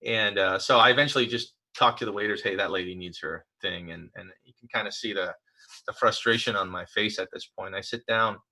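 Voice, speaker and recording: A man pastor giving a conversational sermon, telling personal stories in a relaxed, hesitant way with many fillers and restarts. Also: fairly low pitch, a little fast, poor audio.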